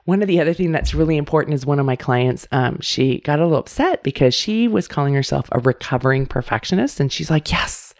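A woman's voice: low-pitched, animated, fast talker, hardly any pauses, a little mellow. A middle-aged woman hosting a self-help podcast, talking casually and candidly straight to her listeners. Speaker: podcast host.

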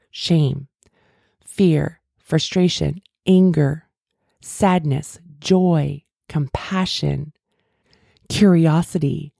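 A woman's voice: sits low, creaky, dark tone, dry recording, studio quality. A middle-aged woman hosting a podcast, talking earnestly and at length in a coaching tone about feelings. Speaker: podcast host. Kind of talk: casual self-help talk.

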